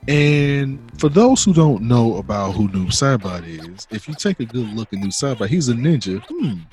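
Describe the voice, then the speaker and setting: A man's voice: mid-range voice, big pitch swings, moderate pace, a little mellow, soft background music. A man co-hosting a podcast, recapping a video game's story in a loose, profane, joking way. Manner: loose and profane, acting out characters' lines. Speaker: podcast co-host retelling a game's story mode. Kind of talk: casual chat, storytelling recap.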